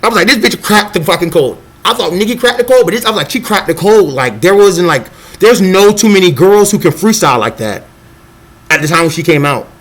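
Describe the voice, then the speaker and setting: A young man rambling in a casual vlog monologue, excitable and profane, jumping between thoughts and acting out quotes. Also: a little fast. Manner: scattered, excitable, profane, acts out quotes in a high voice. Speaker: vlogger.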